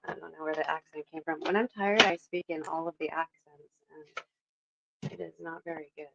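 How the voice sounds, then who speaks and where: A woman's voice: deep voice, fairly even intonation, brisk, gravelly, dull audio, background noise. A woman in her thirties hosting a casual livestream from her home kitchen, chatting in a rambling way and reading the chat aloud. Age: 30s. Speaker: livestream host. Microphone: phone.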